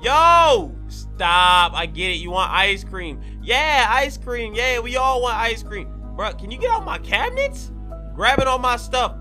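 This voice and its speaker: An excitable young man hosts a game role-play, full of slang and loud reactions. His voice sits very high for a man. Music plays clearly under his talk. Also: measured pace. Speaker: gaming channel host. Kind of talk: Minecraft role-play commentary. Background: background music.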